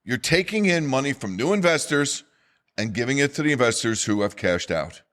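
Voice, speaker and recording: A man's voice: mid-range voice, lively intonation, fairly quick, a bit bright. A middle-aged man with a New Jersey accent hosting a solo economics podcast, speaking emphatically and urgently and repeating figures for stress. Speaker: podcast host.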